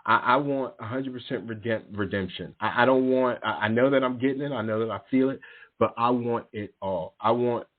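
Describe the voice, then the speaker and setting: A man hosts a spiritual call-in show, heard through a narrow, phone-like line. He rambles with frequent restarts and slips into animated impressions when telling stories. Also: medium pitch, fairly quick. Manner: animated storytelling, acting out quoted voices. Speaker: radio show host and youth coach. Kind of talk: casual spiritual talk radio.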